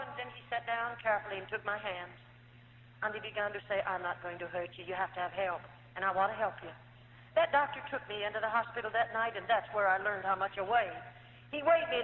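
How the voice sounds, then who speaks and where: An older American woman giving an earnest, emotional personal testimony to a church gathering, with hesitant fillers. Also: fairly high pitch. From United States. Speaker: former nun giving testimony. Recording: tinny old cassette of echoey hall, faint hiss.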